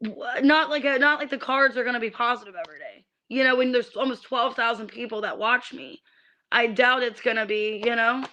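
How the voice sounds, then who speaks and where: A woman's voice: fairly high pitch, fairly quick, bright, forceful tone. A woman reading tarot cards on a livestream, ranting in irritation, swearing and stammering on restarts. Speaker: tarot reader.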